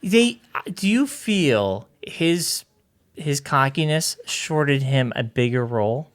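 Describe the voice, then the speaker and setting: A man's voice: medium pitch, lively intonation, slow pace. A man co-hosting a TV discussion podcast, chatting casually with wry, joking remarks. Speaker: podcast co-host. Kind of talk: casual chat.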